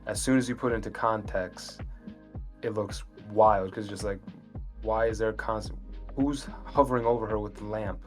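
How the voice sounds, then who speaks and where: Man, podcast co-host, laid-back chat, low-pitched, faint music behind. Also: fairly even intonation, moderate pace. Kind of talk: casual chat.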